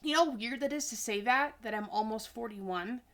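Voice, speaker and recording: A woman's voice: on the high side, brisk, a bit bright. A woman in her forties, a tired and chatty vlogger talking casually in a rambling, goofy way. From Idaho, US. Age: 40s. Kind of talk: casual chat.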